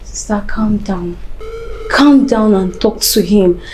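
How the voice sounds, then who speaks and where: An actress with a Nigerian accent playing a patient sister who soothes and pleads. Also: female voice, mid-range voice, slow, noisy background, close to an everyday voice. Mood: soothing. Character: calming younger sister, patient woman.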